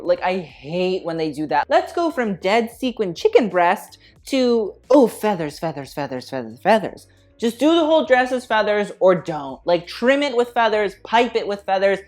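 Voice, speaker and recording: A woman giving casual fashion commentary, blunt and opinionated with a slangy way of talking, with faint music behind. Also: low voice. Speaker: fashion critic vlogger.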